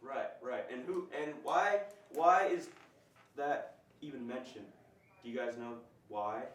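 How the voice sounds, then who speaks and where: A man's voice: medium pitch, measured pace. A man teaching a conversational bible lesson, explaining and asking his group questions. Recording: roomy, distant mic.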